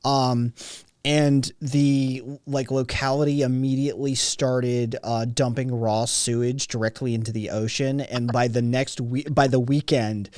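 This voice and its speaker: A man's voice: medium pitch, flat delivery, a little slow, darkish tone, dry recording. Sarcastic swearing British-raised man. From Britain. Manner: rambling, sarcastic, heavy swearing. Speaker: podcast co-host. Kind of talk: casual profane chat.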